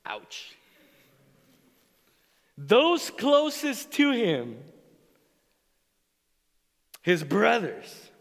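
Brief: male pastor, high and very lively voice, slow deliberate sermon delivery, long hall reverb. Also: gravelly. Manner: animated preaching, acts out quoted voices.

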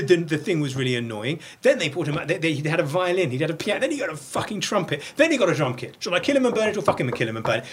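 A man's voice: a little high, fairly bright tone, a little hiss or hum. A middle-aged man talking as an interview guest, blunt and profane, tumbling over restarts as he speaks. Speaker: podcast guest. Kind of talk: candid interview conversation.

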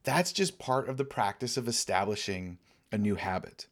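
A man, a Dharma teacher, giving a relaxed, conversational Dharma talk and laughing often. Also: on the low side, normal speed.

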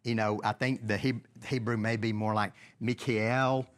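A man's voice: lowish voice, little pitch movement, normal speed. Man leading a casual Bible study. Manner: conversational, asks the group questions, many restarts.

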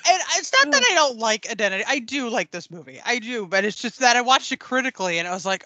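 A woman co-hosts a podcast and throws in dry, deadpan jokes, with some casual swearing. Her voice is bright and close, and the sound is dry. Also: fairly high pitch, fast talker, few pauses, no room sound. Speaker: podcast co-host. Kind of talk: casual chat.

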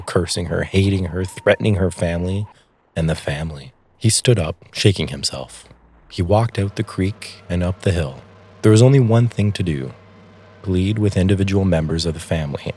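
A man's voice: deep voice, a little mellow. A man narrating a spooky story aloud, lending different voices to the characters in the dialogue.

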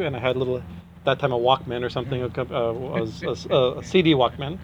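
A man's voice: mid-range voice, steady tone, brisk, dull audio, slight background noise. A man teaching in a chatty devotional talk, often restarting his sentences and chuckling as he explains. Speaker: spiritual teacher.

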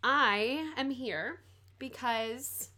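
A woman's voice: on the high side, extremely slow. A woman co-hosting a podcast in casual chat, speaking with a slight lisp. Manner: relaxed, musical, talks of singing. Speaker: podcast co-host.

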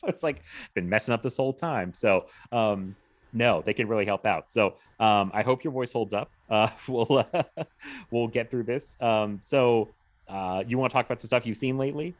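A man hosts a casual movie podcast in a talkative, easygoing way. He laughs often and fills pauses with ums and uhs. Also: medium pitch. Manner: chatty, laughs often, many fillers. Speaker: podcast host. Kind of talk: casual film podcast chat.

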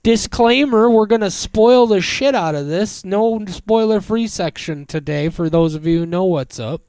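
High, smooth-voiced male podcast co-host. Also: moderate pace, darkish tone, no echo. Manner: swearing, rambling with many fillers. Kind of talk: casual chat.

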